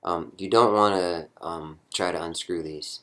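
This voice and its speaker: Deep-voiced young man, rambling walkthrough. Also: fairly even intonation, unhurried, a bit bright. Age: young adult. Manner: rambling, chatty, self-correcting. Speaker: hobbyist prop builder. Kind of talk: casual show-and-tell walkthrough.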